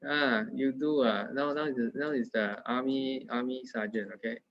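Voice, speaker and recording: A man's voice: mid-range voice, fairly even intonation, normal speed. A man with a Singaporean English accent, tutoring math in a casual, playful, teasing way. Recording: dull lo-fi sound.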